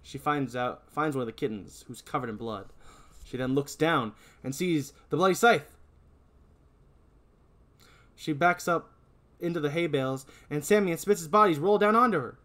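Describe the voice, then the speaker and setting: A man's voice: fairly high pitch, expressive, normal speed, long pauses, a bit bright. A man co-hosting a podcast, casually recapping a horror movie plot. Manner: narrates plot, laughs a lot. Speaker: podcast co-host.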